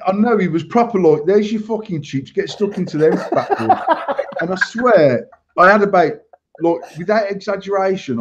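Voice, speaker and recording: Brief: male host, high voice, heated sweary storyteller, dull lo-fi stream sound. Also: a little hiss or hum. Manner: ranting, heavy swearing, worked-up. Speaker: podcast host. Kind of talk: casual live-stream chat, storytelling. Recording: slightly muffled lo-fi stream audio.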